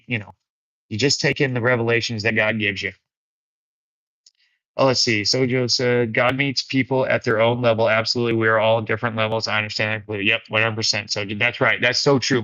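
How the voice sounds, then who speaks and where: A bright, forceful man's voice gives a casual spiritual talk on a livestream. His delivery is earnest and laid back, and he often drops in "man" and "dude." The sound is dry and a little dull. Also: mid-range voice, no echo. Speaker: livestream host of a faith fellowship. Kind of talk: casual spiritual talk, reading viewer comments.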